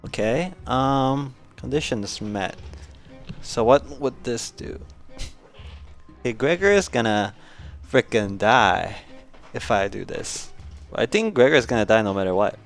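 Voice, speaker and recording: A man's voice: medium pitch, lively intonation, a little slow, long pauses, faint music behind. A man streaming a story game, reading its text aloud and reacting casually. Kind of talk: let's play reading and commentary.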